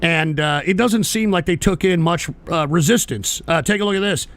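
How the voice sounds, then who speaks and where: At a normal pace, a man hosting a livestream delivers an angry, profane rant, sounding exasperated and repeatedly stumbling into fresh starts. His voice is somewhat high and a touch bright.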